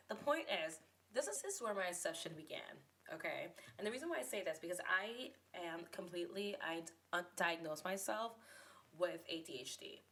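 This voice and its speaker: Young new york woman rambling on her podcast, lowish voice, playful and chatty. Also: expressive, a little fast, sharp tone. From New York City. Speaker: podcast host. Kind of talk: casual podcast monologue.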